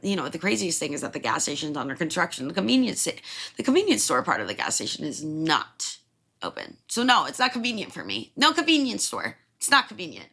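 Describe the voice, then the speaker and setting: A podcast host from Illinois, a woman in her twenties with a fairly low voice, tells a story casually and with plenty of animation. She laughs and swears freely along the way.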